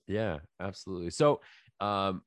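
A man's voice: deep voice, lively intonation, moderate pace, clean tone, no room sound. A man hosting a casual podcast, rambling with lots of fillers and restarts and laughing easily. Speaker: podcast host.

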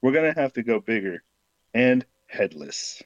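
A man's voice: medium pitch, sing-song, normal speed, dull audio, close to an everyday voice. A man reading as a sly haggling ghost. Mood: wheedling. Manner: sweet, persuasive haggling. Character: scheming male ghost companion, smooth-talking dealer.

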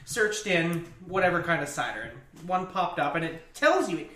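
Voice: mid-range voice, sing-song, normal speed, pushed and bright, reverberant, distant mic. A speaker from Canada telling a story in casual chat, laughing through lines.

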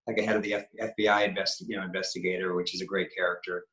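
Rambling actor with a bright, echoey voice. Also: male voice, sits low, flat delivery, very fast. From Maine, New England. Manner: rambling, many restarts and fillers. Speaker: actor, interview guest. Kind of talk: casual interview talk. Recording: echoey room.

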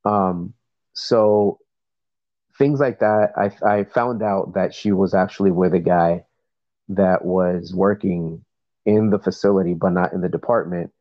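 Male caller, low voice, rambling casual storyteller, dry dull lo-fi voice-message sound. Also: steady tone, a little slow, no echo. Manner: rambling, many fillers and restarts.

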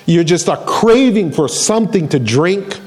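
A man's voice: high-pitched, lively intonation, a little slow, darkish tone. A man preaching a sermon as a pastor, telling the story and acting out the voices of the people in it, and repeating key phrases for emphasis.

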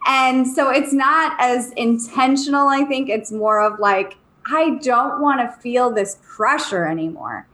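A woman's voice: high voice, measured pace, hardly any pauses, a bit bright, low-quality recording. A woman who co-hosts a podcast and is a mother of three, talking in a candid, chatty, self-deprecating way. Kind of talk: casual podcast conversation.

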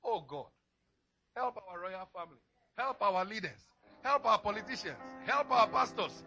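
A male pastor preaching a sermon, swinging from low, quiet murmurs to crying, shouted pleas. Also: lively intonation, normal speed, muffled recording, soft background music.

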